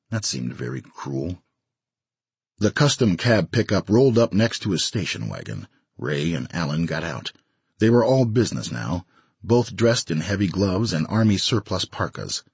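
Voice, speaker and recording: A man's voice: fairly low pitch, husky, dry recording. A man narrating an audiobook story expressively, in a dry studio recording. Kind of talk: scripted narration.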